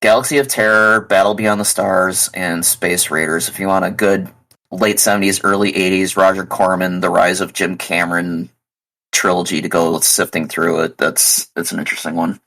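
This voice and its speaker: A man with a low voice adds wry, knowing comments to a casual podcast chat about films. He sounds relaxed and dry-humored. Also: normal speed, creaky, rough recording. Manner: wry, knowledgeable film references. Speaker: podcast co-host.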